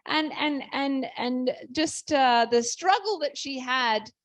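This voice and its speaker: A woman's voice: high voice, slow pace, no room sound. A woman author speaking on a festival panel, telling stories in a chatty way with many restarts.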